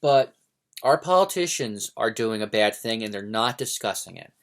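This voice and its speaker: A man's voice: lowish voice, lively intonation, moderate pace, fairly bright tone, a little hiss or hum. Rambling, hesitant American man. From United States. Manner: hesitant, many fillers and restarts; digressive, opinionated. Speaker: book vlogger. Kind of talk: casual rambling monologue.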